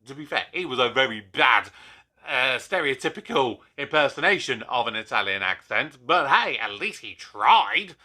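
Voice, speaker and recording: A man's voice: fairly high pitch, sharp tone. A young man hosting his own channel, giving an opinionated, casual review monologue with frequent restarts. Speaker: YouTube reviewer.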